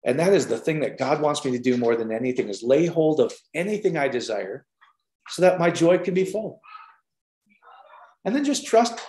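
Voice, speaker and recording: A man preaching an informal sermon, telling stories in an animated way with lots of fillers. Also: on the high side, normal speed. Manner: animated storytelling with many fillers. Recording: roomy echo.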